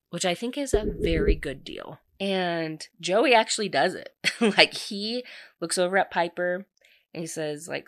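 Chatty woman retelling a story, low voice. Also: normal speed, no room sound, clean studio sound. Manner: chatty, peppered with "like", laughing asides. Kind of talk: casual story recap.

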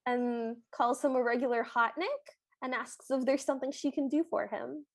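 A woman's voice: high voice, steady tone, normal speed, dry recording. A woman co-hosting a podcast, chatting casually and acting out quotes with playful voices. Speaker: podcast co-host. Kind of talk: casual chat recapping a TV special.

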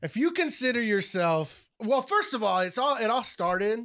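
A man's voice: high voice, very animated, normal speed, fairly bright tone, no echo, studio quality. A man co-hosting a casual podcast, ranting with lots of profanity. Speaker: podcast co-host.

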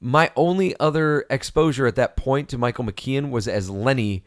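A man's voice: mid-range voice, normal speed, dry recording, studio quality. A man co-hosting a movie podcast, talking enthusiastically in a casual chat with rambling restarts. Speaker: podcast co-host.

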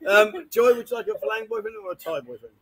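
A man's voice: high voice, animated, quick pace, a crowd in the background. A man hosting a casual live stream from a bar, joking and teasing his guests and laughing often.

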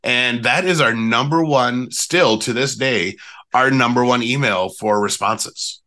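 A man guest on a podcast interview, chatty and animated, using casual fillers as he explains email marketing. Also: medium pitch, measured pace.

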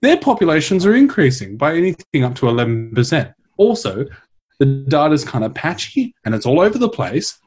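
A man spins a science story on a podcast with wry, sweary humor. His pitch jumps all over the place, and his voice sounds a bit husky. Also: brisk. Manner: wry, animated storyteller who swears and jokes. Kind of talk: casual comedic science chat.

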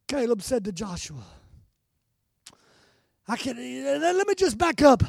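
An older man delivers a sermon as a guest preacher in a high-pitched voice. His impassioned delivery swells to shouts and is close to tears, recorded dry. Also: very animated, unhurried, creaky, long pauses, no room sound.

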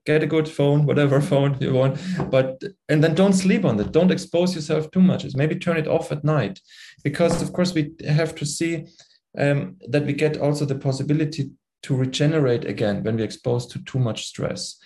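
German-accented man, mellow and earnest. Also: a little high, normal speed, a little hiss or hum. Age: middle-aged. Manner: earnest, explanatory, searching for words. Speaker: podcast guest. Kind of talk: conversational interview.

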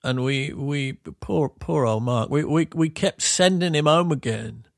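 A middle-aged Yorkshire man chatting in a loose, rambling way, often breaking off and restarting. His voice has a gravelly, creaky texture. The sound is dry and close. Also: fairly high pitch, unhurried, no room sound. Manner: rambling, self-interrupting, explains gently. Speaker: podcast co-host, musician. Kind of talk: casual reminiscing chat.

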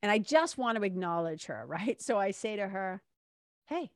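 A woman's voice: medium pitch, lively intonation, moderate pace, no room sound, studio quality. A woman telling a story in a casual, candid way, swearing now and then and acting out what other people said. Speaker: vlogger.

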